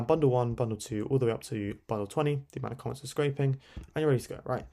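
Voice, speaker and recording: A young man walking through a software tutorial on screen in a loose, chatty way, full of fillers and tag questions. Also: mid-range voice, gravelly. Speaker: tutorial host. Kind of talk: casual screen-recorded tutorial.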